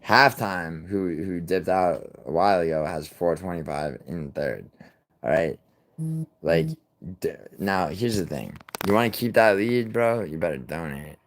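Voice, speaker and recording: A man's voice: sits low, measured pace. A young man streaming live, chatting casually and rambling with lots of swearing and laughter. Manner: profane, rambling, laughs often. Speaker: livestreamer. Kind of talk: casual live reaction chat.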